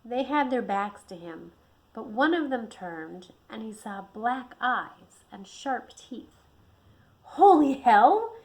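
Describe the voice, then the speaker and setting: A woman reading her own fantasy novel aloud, expressive, dropping her voice low and soft on tense moments. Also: slow pace. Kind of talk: audiobook narration.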